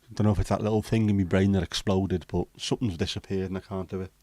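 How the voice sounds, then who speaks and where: A man's voice: low-pitched, fairly even intonation, fast talker, mellow, no room sound. A middle-aged man hosting a casual livestream chat, reading out viewer comments and answering them bluntly, swearing freely. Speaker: livestream host.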